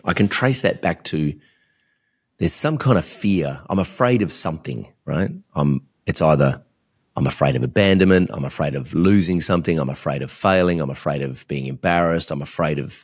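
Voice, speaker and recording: A man hosting a podcast interview, talking candidly and rambling in a self-reflective way. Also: deep voice. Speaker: podcast host.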